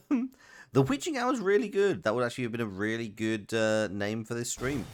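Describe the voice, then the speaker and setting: At a normal speed and medium pitch, a man gives animated, casual commentary while streaming a game live. He rambles chattily and reads out messages from chat between plays.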